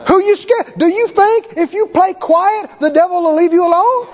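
A man preaching a sermon with emphatic delivery, acting out quoted voices and rising to shouts. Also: very high-pitched, moderate pace, crowd noise, background noise. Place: large church hall. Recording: lo-fi hall recording with audience. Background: congregation.

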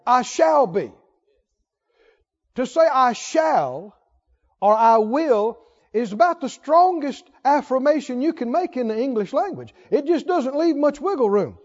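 A man with a strikingly high voice delivers a sermon from the pulpit. He presses his listeners with rhetorical questions and hammers points home through repetition. His voice carries a long church reverb on a dull, muffled recording. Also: big pitch swings, measured pace, darkish tone. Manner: asks the congregation rhetorical questions, emphatic repetition. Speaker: preacher. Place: church sanctuary.

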